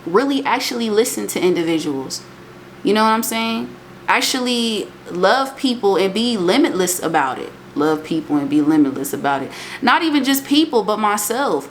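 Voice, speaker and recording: At a normal speed, the young woman vlogger talks through her motivational monologue casually and with emphasis, her lively voice jumping into high exclamations. There's slight background noise.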